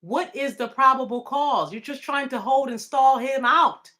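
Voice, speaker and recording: A woman with a somewhat high voice talks in a casual, rambling way. She sounds indignant and emotional, with plenty of restarts along the way. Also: measured pace, sharp tone. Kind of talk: casual live video talk.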